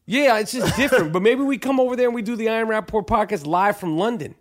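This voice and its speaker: A man with a New York accent hosts a podcast in loose, rambling chat. His voice sits high for a man, and he stammers through restarts and swears freely. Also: fast talker. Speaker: podcast host.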